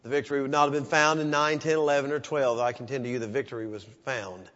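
A pastor preaching a sermon, swinging from loud raised peaks down to hushed, low passages. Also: male voice, fairly even intonation, fast talker. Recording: dull sound with long church reverb.

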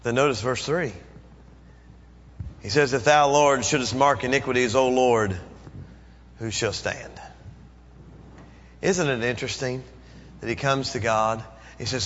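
A man's voice: mid-range voice, unhurried, pauses often, a bit bright, slight background noise. A middle-aged male pastor preaching a sermon, dramatically acting out pleading prayers. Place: church. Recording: dull echoey church recording.

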